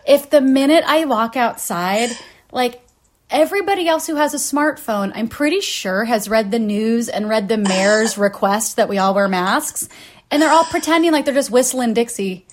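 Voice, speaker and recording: A woman's voice: fairly high pitch, animated, normal speed. A woman in her late thirties hosting a podcast, telling a story candidly with frequent laughs. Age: 30s. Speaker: podcast host. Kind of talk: casual podcast chat.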